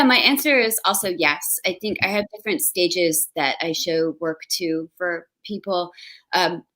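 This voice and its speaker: Woman author, panel guest; low voice, chatty and animated. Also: rough recording. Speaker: author on a writers' conference panel. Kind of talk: casual panel conversation.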